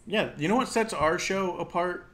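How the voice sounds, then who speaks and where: On a casual wrestling talk show held over an online call, a high-pitched man co-hosts with a fairly bright tone at normal speed. He's emphatic and opinionated, rambling and using lots of fillers.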